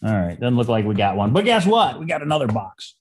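A man hosting a casual card-opening video, reading names aloud and dropping into quiet asides. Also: medium pitch, a little fast. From Detroit area. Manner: reads names flatly, drops into quiet asides. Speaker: channel host.

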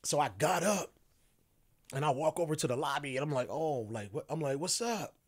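A man's voice: fairly high pitch, lively intonation, brisk. A man who is a podcast guest, casually telling a story, acting out the quoted dialogue and laughing often.

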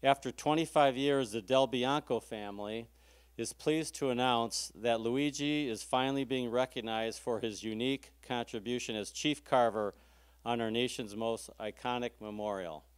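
A man's voice: medium pitch, moderate pace, clean tone, no echo. A man giving a formal scripted introduction of the evening's speaker. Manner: formal announcing. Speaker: event presenter introducing the speaker.

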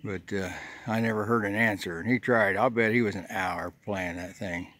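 A man's voice: on the low side, fairly even intonation, moderate pace, fairly bright tone, slight background noise. A man, rambling and folksy as he vlogs outdoors on a ridge trail, short of breath from the climb. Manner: rambling, folksy, thinking aloud. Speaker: hiking vlogger. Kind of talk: casual vlog narration while hiking.

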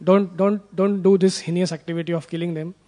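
High-voiced preacher. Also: male voice, little pitch movement, fairly quick, warm tone. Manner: conversational, asks the audience for assent. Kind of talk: sermon.

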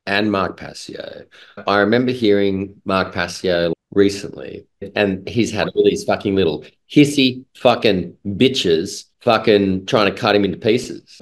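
A man's voice: low voice, unhurried. A man, a guest in a casual talk, rambling in an emphatic and heavily profane way. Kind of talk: casual conversation.

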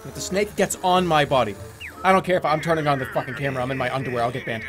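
Talking very fast in a mid-range voice, this young man chats his way through a video game stream with music playing behind him. He rambles, curses constantly, and laughs a lot in easygoing let's-play style.

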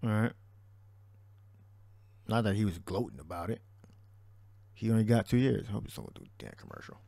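Man preaching on scripture, low mellow voice, dry sound, loose and repetitive. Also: big pitch swings, moderate pace, vocal fry, slightly rough, dry recording. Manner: repetitive, restarts, scripture-heavy. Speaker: religious teacher. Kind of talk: preaching commentary on a video.

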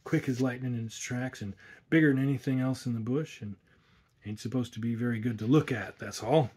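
A low, uneasy backwoods guide, as a man reads him aloud, rough-spoken and hushed. His voice is mellow and husky, like a storybook reading. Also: a little fast, lightly acted.

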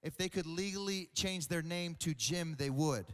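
A young adult man preaching a comedic sermon, animated and joking, often repeating words. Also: a little high, normal speed. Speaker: pastor. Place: large church auditorium. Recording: reverberant church hall.

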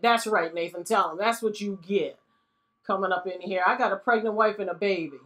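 A woman giving casual let's-play commentary on a life-sim game, laughing often and briefly voicing the characters. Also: mid-range voice. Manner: giggly, animated, voices characters in quick asides. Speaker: gaming YouTuber.

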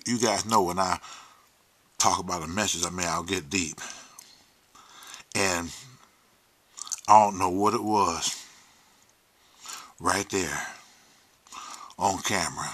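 This livestream host's voice sits low, holding a steady tone and a slightly bright quality as he speaks slowly with long pauses. His casual monologue is candid and emotional, full of swearing, with moments where he almost whispers.

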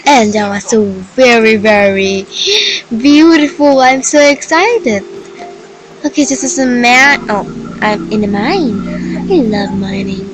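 A young woman commenting on her game with excited exclamations and slightly broken phrasing. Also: on the high side, slow, over music, rough recording. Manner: gushing, exclaims often, slightly broken non-native phrasing. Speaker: gaming video creator.

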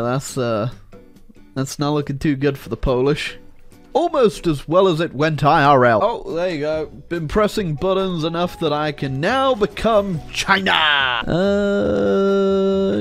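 A man commentating a strategy game, joking sarcastically to his viewers, with many fillers and self-corrections. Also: on the high side. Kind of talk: video game let's-play commentary.

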